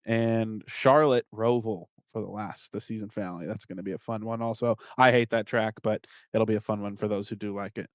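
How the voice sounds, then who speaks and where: Male league organizer, smooth voice on a dull lo-fi mic, dry sound, casual and profane. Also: fairly low pitch, fairly quick, hardly any pauses, no room sound. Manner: relaxed, swears, laughs often. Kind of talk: casual chat.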